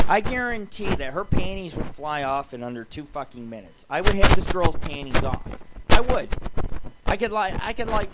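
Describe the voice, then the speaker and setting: A man's voice: on the high side, lively intonation, moderate pace. A male radio host ranting crudely and mockingly while reading out a personal ad, full of swearing and rambling asides. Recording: loud background noise.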